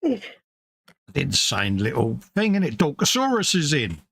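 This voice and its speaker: A man's voice: on the high side, huge pitch swings, moderate pace, creaky, a bit bright. A British man co-hosting a live painting stream, chatting casually and agreeably with plenty of fillers. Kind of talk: casual chat while painting.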